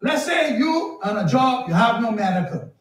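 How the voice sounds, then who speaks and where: A man preaching a sermon as pastor, animated and storytelling, sometimes shouting. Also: extremely high pitch, normal speed. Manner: animated, shouting at times, storytelling with acted dialogue. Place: church. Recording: echoey church hall, mic at a distance. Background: congregation answering.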